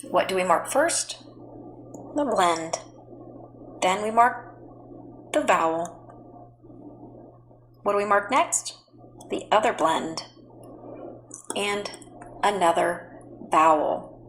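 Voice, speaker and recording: A woman teaching a phonics lesson to children at home, speaking slowly and patiently and spelling words out letter by letter. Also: mid-range voice, a bit bright, a little hiss or hum, low-quality recording. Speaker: reading teacher.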